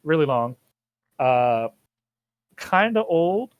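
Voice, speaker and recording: A man's voice: fairly high pitch, takes it slowly, smooth, no room sound, muffled recording. A young man hosting a casual podcast chat, rambling and swearing as he talks. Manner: rambling, profane, animated. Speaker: podcast host.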